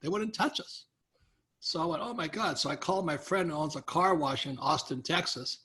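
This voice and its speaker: Bright-voiced older man telling stories. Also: fairly high pitch, moderate pace. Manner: animated anecdotes with quoted voices and laughs. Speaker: guest author. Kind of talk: storytelling interview.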